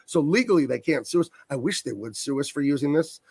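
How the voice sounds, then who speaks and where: A man's voice: a little high, lively intonation, fast, vocal fry, darkish tone, husky, no room sound. A man who colors comics, talking enthusiastically and at length about his work as a guest on a video call. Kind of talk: casual interview chat.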